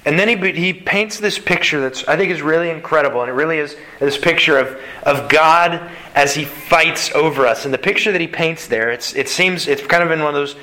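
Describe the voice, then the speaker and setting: A man preaching a sermon as pastor, earnest and animated, with quick asides between scripture readings. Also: a little high, poor audio.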